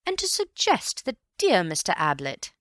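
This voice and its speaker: At a moderate pace, a fairly low, fairly bright female voice swoops wildly in pitch for an emphatic audiobook reading. She plays a gushing, indignant middle-aged society mother steeped in gossip and self-importance, and the studio recording is clean and echo-free.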